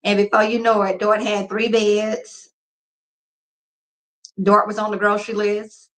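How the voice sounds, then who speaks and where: A couponing vlogger in her forties, grieving, speaks candidly and emotionally to her viewers in a casual live chat, her voice subdued. She's medium-pitched with little variation, talks a little slowly with long pauses, and the room echoes.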